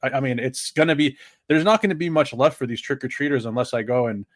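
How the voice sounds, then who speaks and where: A man's voice: medium pitch, fast, no echo, clean studio sound. A man in his thirties co-hosting a casual sports podcast, rambling and chatty as he tells stories. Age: 30s. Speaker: podcast co-host.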